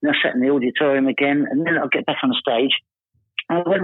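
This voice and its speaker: A man from Essex with an Essex accent, telling comic anecdotes as a podcast guest, quoting people in animated voices. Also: medium pitch, slightly rough, dry recording. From Essex, England. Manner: rapid storytelling, animated quoting of others. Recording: tinny phone-like dry line.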